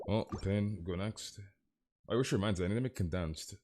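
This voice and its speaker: A man's voice: on the low side, normal speed, a little mellow. A man with an American accent hosting a live game stream, upbeat and greeting viewers in chat by name. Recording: game music playing behind. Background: game music.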